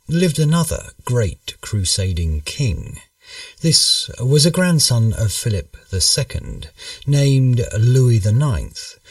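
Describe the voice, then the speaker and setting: A man reading a history story aloud as a measured, storytelling narrator. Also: mid-range voice, dry recording, far from the mic. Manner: slow, measured, lively storytelling.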